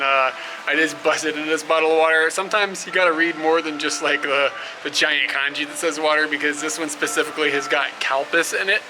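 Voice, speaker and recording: This young travel vlogger's voice sits a little high, and the recording is rough. He chats loosely to his camera beside roads and at rest stops, filling pauses and laughing frequently, with traffic clearly audible.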